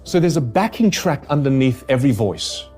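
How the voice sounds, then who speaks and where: A man working as a communication coach, explaining his ideas in a podcast conversation with energetic, emphatic repetition. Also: mid-range voice, moderate pace, faint music behind. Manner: energetic, emphatic, repeats key points.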